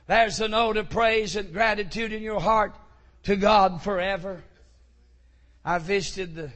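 A man preaching a sermon, telling stories and rising to shouted fervor. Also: high-pitched. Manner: rises to shouted fervor in quoted lines. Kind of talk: sermon storytelling.

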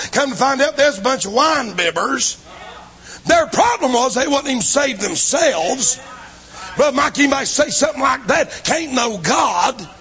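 Man, preacher, revival sermon, very lively pitch, shouts then drops to a hush. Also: unhurried. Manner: swings between shouting and low, hushed lines. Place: church building.

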